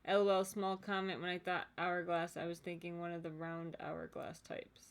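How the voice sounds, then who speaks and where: A woman's voice: on the low side, flat delivery, normal speed. A woman co-hosting a home livestream, chatting casually and laughing often. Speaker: streamer co-host. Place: home while drawing on stream.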